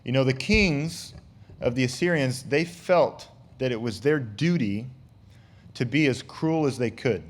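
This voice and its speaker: An American man gives a Bible teaching from the pulpit. His voice sits in an ordinary middle pitch. He speaks casually and keeps returning to "you know" as he goes. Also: a little slow. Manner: conversational, with frequent fillers like "you know". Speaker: pastor.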